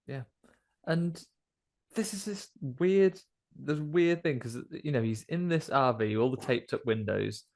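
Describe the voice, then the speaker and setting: A man's voice: medium pitch, unhurried, gravelly, darkish tone. A British man co-hosting a podcast, recapping a film in a wry, slangy casual chat. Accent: British English. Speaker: podcast co-host.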